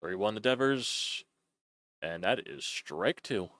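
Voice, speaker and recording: A man's voice: on the low side, expressive, takes it slowly, fairly bright tone, no echo, studio quality. A young man doing loose, chatty play-by-play on a live stream, swearing freely as he calls a baseball game.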